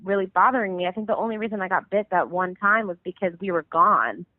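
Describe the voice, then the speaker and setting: A woman's voice: medium pitch, quick pace, no echo. A woman in her thirties, a musician guest, telling a long story casually over the phone, full of "like" and fillers. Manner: rambling, filler-heavy, lots of "like". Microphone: phone call. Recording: tinny phone line, dry.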